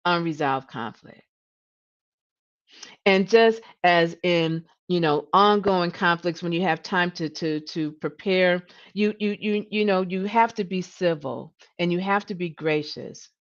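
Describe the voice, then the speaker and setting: A woman's voice: fairly low pitch, unhurried, muffled recording. A woman coach hosting a live-streamed coaching talk, earnest, often repeating words and saying "you know". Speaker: leadership coach and host.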